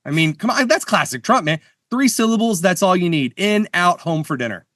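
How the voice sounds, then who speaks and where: A man talks in a relaxed, joking way as a podcast co-host, tripping over his words and restarting as he goes. His voice sits a little high and sounds dry and close to the mic. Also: moderate pace, no echo. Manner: playful, stammering restarts, jokey bets. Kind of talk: casual chat. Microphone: studio mic.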